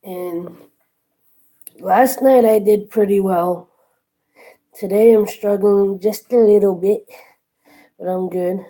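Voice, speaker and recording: A woman's voice: medium pitch, steady tone, slow, pauses often, dark tone, low-quality recording. A tired woman chatting casually with her live-stream viewers from her workplace, yawning and thanking them one by one.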